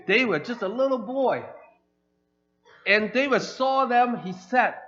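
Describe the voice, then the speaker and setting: In a church sanctuary, an animated male preacher with a high voice tells sermon stories, acting out the characters he quotes. The recording is dull and lo-fi, with faint music in the background.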